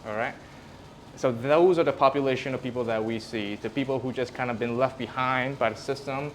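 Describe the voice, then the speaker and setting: Talking a little fast at medium pitch, a man who works as a physical therapist presents to a live audience in a room. He keeps it casual and chatty, demonstrating examples as he goes, with slight noise in the background.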